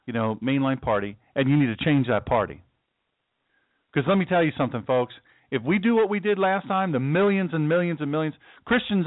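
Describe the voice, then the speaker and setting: A man's voice: on the high side, dry recording. Impassioned male talk host, tinny sound. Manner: emphatic, repetitive, stammering restarts. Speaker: political talk show host. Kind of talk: impassioned political monologue. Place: home studio. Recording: dry, tinny phone-like sound.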